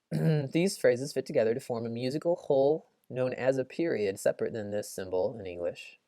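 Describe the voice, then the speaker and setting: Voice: medium pitch, vocal fry, dark tone, no echo. A music teacher explaining melodies and cadences, breaking into sung solfege syllables to demonstrate. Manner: explains patiently, then sings solfege syllables aloud. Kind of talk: classroom lesson with sung solfege.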